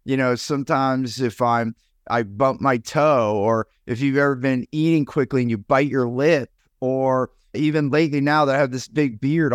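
A man's voice: medium pitch, no echo, studio quality. A man co-hosting a podcast, chatting casually and acting out his own past remarks as he tells stories. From United States. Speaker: podcast co-host.

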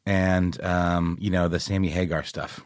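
A man's voice: low voice, level tone, unhurried, clear, resonant tone, no room sound, clean studio sound. A man in his thirties co-hosting a podcast, playful and self-mocking in casual chat. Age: 30s. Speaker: podcast co-host.

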